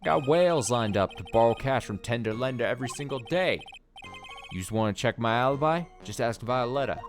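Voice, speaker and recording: A man voicing a hot-tempered male loan shark with a put-on Brooklyn accent, loud and bullying, over game music. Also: medium pitch, expressive, a little fast, voice pushed up, close to an everyday voice. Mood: threatening.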